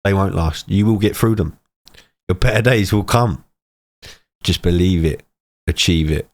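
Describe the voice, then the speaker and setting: A man's voice: sits low, measured pace. A middle-aged man gives an emotional personal testimony, speaking in short, punchy sentences and sighing often. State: tearful, emotional. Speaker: motivational speaker.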